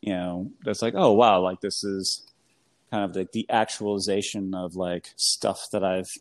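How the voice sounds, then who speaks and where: A lower-voiced American man in his thirties, talking loosely and animatedly. He rambles through a story with lots of fillers and bursts of laughter, in relaxed conversation. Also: a little slow. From New England, US. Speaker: guest. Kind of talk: casual storytelling chat.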